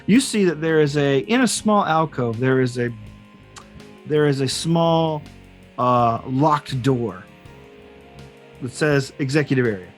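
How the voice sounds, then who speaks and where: A man's voice: medium pitch, expressive, unhurried, long pauses, faint music behind. A man narrating a tabletop game as game master, rambling with fillers and restarts.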